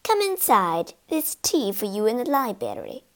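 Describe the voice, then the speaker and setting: A woman voicing a nervous old female housekeeper who speaks in a hushed, breathy whisper with a low, trembling manner. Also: wildly swooping pitch, a little slow, exaggerated voice. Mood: polite hush.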